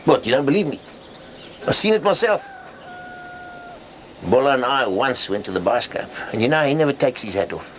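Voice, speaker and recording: A man as a boastful petrol attendant, lively pitch, faint noise behind. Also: moderate pace, pauses often, lightly acted, rough recording. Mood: cocky, jokey. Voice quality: chuckling, full of bluster. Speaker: petrol station owner. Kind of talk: sitcom acting.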